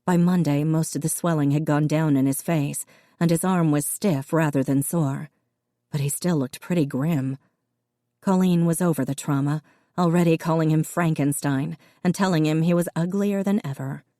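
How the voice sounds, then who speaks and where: A woman narrating an audiobook in a steady storytelling voice, switching into voices for the characters. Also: deep voice, normal speed, dry recording, clean studio sound.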